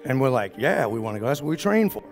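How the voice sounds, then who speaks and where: A middle-aged man from the New Orleans area of Louisiana, speaking with a New Orleans accent, tells a folksy story at a business summit. His mid-range voice is sing-song and quick, with soft background music, and he acts out the quoted dialogue.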